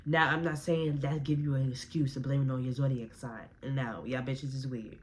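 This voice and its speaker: Young woman vlogger ranting a storytime, low voice, brash and cussing a lot. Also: moderate pace, slight background noise. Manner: brash, profane, animated, talks straight to viewers. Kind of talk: casual storytime rant.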